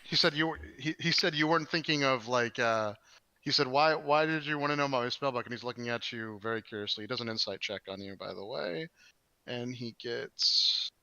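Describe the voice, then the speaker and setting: A man narrates a tabletop game as game master, rambling with many fillers and restarts. His voice is bright and forward. The dry, dull mic gives it a lo-fi sound. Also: mid-range voice, moderate pace, creaky, dry recording.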